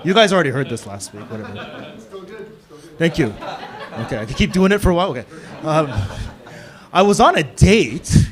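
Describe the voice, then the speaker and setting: Punning stand-up comic, lively-voiced man. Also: a little high, fairly quick, a crowd in the background. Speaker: stand-up comedian. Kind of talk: stand-up comedy set. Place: comedy club stage with live audience.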